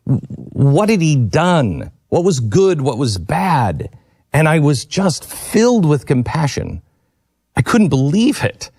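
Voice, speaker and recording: Earnest male radio host, lively pitch. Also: slightly rough, no room sound, studio quality. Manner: earnest, reflective, with halting restarts. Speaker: radio talk show host. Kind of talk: personal storytelling on air. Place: radio studio.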